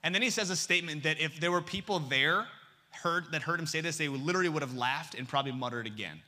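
A man preaching a sermon as pastor, joking with the congregation and dropping to a hush for emphasis. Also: fairly high pitch, fast. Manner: lively and humorous, swinging between loud and hushed.

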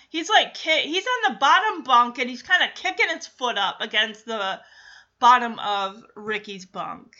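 Chatty female host with a bright, forceful tone; retells scenes loosely, muffled home recording. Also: fairly high pitch, very animated, measured pace. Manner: chatty retelling, frequent "like", light laughs. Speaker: podcast host recapping a TV episode. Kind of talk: casual chat.

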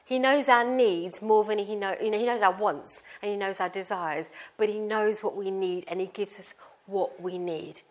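A woman's voice: mid-range voice, normal speed. Middle-aged British woman, preacher; informal, chatty sermon delivery with homely examples. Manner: chatty, informal, explains with family stories. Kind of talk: conversational sermon.

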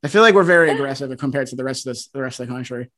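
A man hosting a podcast, bantering in quick, self-mocking casual chat. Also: medium pitch, fairly bright tone. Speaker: podcast host.

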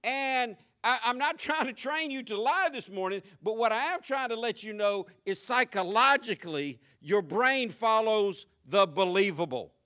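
A middle-aged male pastor preaching a sermon, calling out to his congregation and telling stories, rising to animated shouts. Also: high-pitched, moderate pace, few pauses. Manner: preaching with audience call-outs and storytelling.

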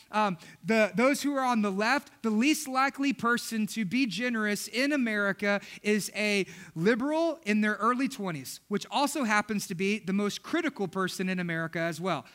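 High, bright-voiced man preaching a sermon. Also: moderate pace, few pauses. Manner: animated, acts out his daughters' voices. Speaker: pastor.

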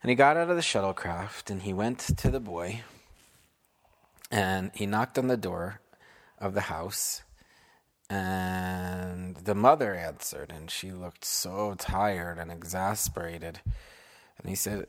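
A man improvising a bedtime story for his children, unhurried and asking them questions along the way. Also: low voice.

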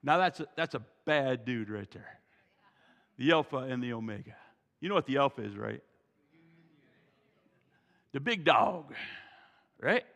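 Brief: male pastor, high bright voice, gravelly edge, folksy sermon in a reverberant hall. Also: measured pace, long pauses. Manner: animated, folksy, joking asides. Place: church sanctuary. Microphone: wearing a mic.

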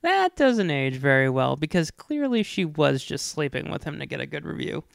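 A man co-hosting a casual podcast chat who keeps breaking into loud, exaggerated impressions of lines he quotes. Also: fairly high pitch, sing-song, moderate pace, creaky, smooth, dry recording, clean studio sound. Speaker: podcast co-host.

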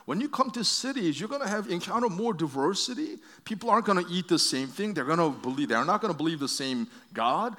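A pastor preaches a conversational sermon to his congregation, telling stories, asking questions, and often restarting his sentences. His voice is high-pitched with a fairly bright tone.

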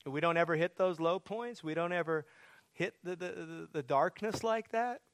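A man's voice: on the high side, moderate pace, fairly bright tone, no room sound. A man preaching a sermon as pastor, earnest, building to pleading, emphatic questions.

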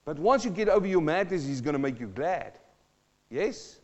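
Male pastor, slightly high voice, punchy sermon delivery, recorded muffled in a reverberant hall. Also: fast talker. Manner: animated preaching, rhetorical questions, swings between loud and hushed. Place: church.

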